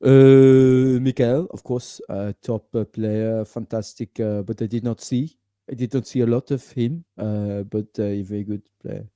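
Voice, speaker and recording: A man doing an impression of an older football manager with a French accent, halting and hesitant. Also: mid-range voice, steady tone, dark tone, clear, resonant tone, no echo, clean studio sound, lightly acted.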